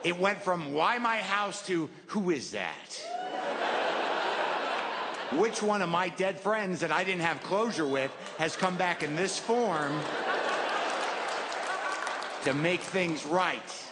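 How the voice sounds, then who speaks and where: A middle-aged male comedian on a theater stage, fairly high-pitched for a man, rambling in a wry, neurotic, self-deprecating way. The room carries a long reverb, and a clearly audible crowd and steady background noise sit behind him. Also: slow pace. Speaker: stand-up comedian. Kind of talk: stand-up routine.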